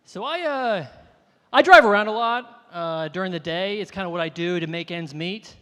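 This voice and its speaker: A man doing a stand-up comedy set before a live audience, telling animated self-deprecating stories. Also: high voice, normal speed. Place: live venue with audience, reverberant room. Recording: live venue with long reverb.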